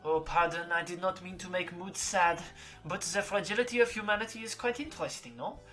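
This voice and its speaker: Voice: mid-range voice, bright, forceful tone, faint music behind, close to an everyday voice. A gamer voicing a flamboyant French woman teacher with a put-on French accent and theatrical delivery. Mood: musing. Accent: fake French. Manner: theatrical, dramatic pauses.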